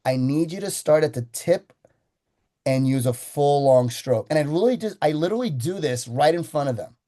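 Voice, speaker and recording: A man giving a sales training talk, telling how he runs a customer pitch and acting it out with slow, deliberate pauses. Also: expressive, warm tone.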